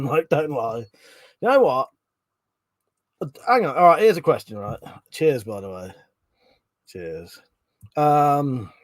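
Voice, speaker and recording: A man's voice: medium pitch, no room sound. A middle-aged man hosting a casual live stream, swearing freely, laughing often and chatting about viewers' comments.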